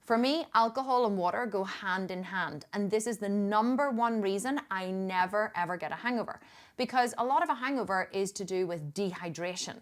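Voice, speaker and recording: A woman's voice: medium pitch, brisk. Chatty Northern Irish woman vlogger. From Northern Ireland. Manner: chatty and emphatic, with frequent restarts and laughs. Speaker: fitness coach. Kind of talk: casual vlog storytelling.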